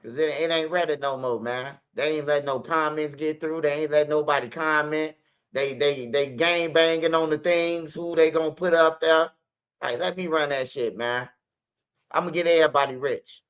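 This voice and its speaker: A man's voice: on the high side, steady tone, normal speed, a bit bright, clean tone. A man hosting a stream, talking in rambling casual commentary with street slang and repeated words. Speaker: streamer host. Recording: dull lo-fi stream audio.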